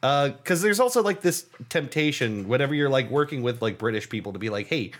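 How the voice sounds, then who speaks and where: A man's voice: medium pitch, lively intonation, quick pace, fairly bright tone. A man in his thirties co-hosting a casual podcast, telling wry stories with laughs. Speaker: podcast co-host. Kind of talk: casual chat.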